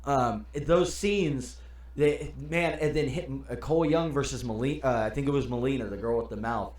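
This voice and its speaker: Podcast dude, animated and laughing a lot, mid pitch, roomy echo around him. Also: male voice, moderate pace. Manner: animated storyteller, laughs while quoting. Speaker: podcast co-host. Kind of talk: casual chat.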